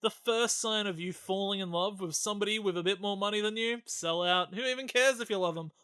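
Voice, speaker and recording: A man's voice: high voice, fairly quick, bright, forceful tone, smooth. A man in his twenties co-hosting a podcast, chatting casually in a sarcastic, mock-earnest way. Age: 20s. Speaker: podcast co-host. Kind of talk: casual chat, film review.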